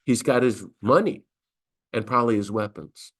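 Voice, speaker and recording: A middle-aged priest teaching a class on scripture, lively and conversational, briefly acting out the voices of the figures he quotes. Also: medium pitch, normal speed. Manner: animated, acts out quoted voices. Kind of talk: lecture on scripture.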